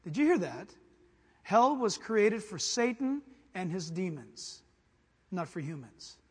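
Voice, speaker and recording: High-voiced preacher man in a reverberant hall. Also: very animated, slow pace, slightly rough. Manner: dramatic, acts out quoted voices, swings from hushed to shouting. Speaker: pastor. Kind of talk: sermon.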